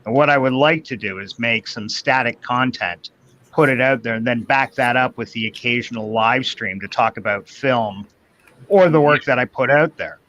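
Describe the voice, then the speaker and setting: A man's voice: mid-range voice, normal speed, fairly bright tone. Rambling Canadian man telling stories. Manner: rambling anecdotal storyteller, quotes others in voices. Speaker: guest. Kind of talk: casual chat, storytelling. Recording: dull lo-fi sound.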